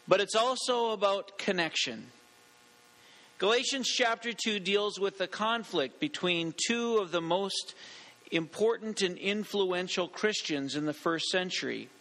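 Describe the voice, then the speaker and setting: A man preaches from the pulpit in a measured, earnest sermon, reading scripture aloud. His voice is high and bright. Long reverb from the church hall trails after each line. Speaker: pastor.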